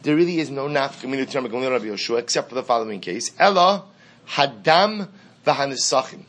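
A man's voice: medium pitch, rapid-fire. A man teaching a Mishnah class, reading passages aloud, translating them and explaining step by step, often repeating the key phrase and asking questions he then answers himself. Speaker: Talmud teacher.

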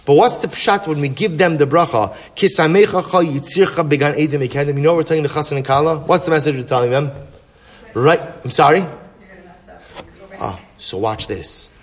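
A man, a rabbi, teaching a Torah class with animated rhetorical questions and storytelling. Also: fairly high pitch, fairly quick.

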